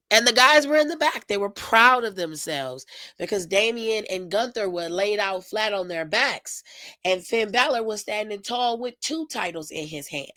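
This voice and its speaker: A woman's voice: medium pitch, a bit bright, dry recording, low-quality recording. A woman hosting her own wrestling recap show, talking sassy and gossipy in a slangy way with lots of asides to her viewers. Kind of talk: casual recap commentary to camera.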